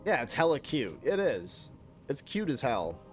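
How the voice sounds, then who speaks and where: With faint music underneath, a young American gamer talks a little slowly in a mid-range voice full of big pitch swings. He rambles and swears through casual chat about his game, sometimes launching into mock-indignant tirades.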